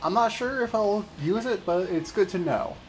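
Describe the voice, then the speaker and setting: A man's voice: high-pitched, moderate pace, soft background music. A man gaming alongside a friend, chatting casually with wry, playful banter. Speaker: co-op gaming guest.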